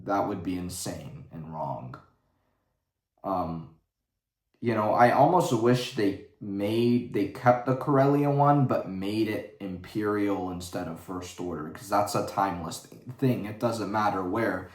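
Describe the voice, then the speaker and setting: A man's voice: lowish voice, unhurried, darkish tone. A man giving a casual livestream rant in a blunt, profane, rambling way. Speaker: vlogger. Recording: roomy echo.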